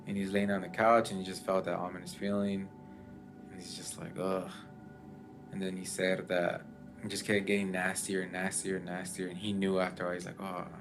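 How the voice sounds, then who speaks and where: A man in casual chat, telling a story with lots of fillers and restarts. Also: sits low. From Mexican family background. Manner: rambling, many fillers.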